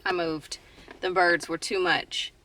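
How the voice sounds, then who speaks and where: Bright-voiced woman vlogging from her car. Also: on the low side, level tone, slow pace, a little hiss or hum. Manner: chatty, self-mocking, slangy. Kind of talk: casual vlog chat. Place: parked car in a parking garage.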